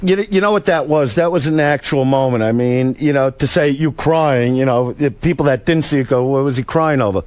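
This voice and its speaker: A man's voice: mid-range voice, moderate pace, hardly any pauses, a little mellow, no echo. A man, a comedian guest, talking in a casual studio chat, emotional and rambling with frequent restarts. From United States.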